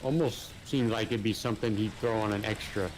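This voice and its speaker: A man co-hosting a casual co-op gameplay video, musing in a slow, drawling way. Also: on the low side, fairly even intonation, a little hiss or hum, rough recording. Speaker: gaming channel co-host.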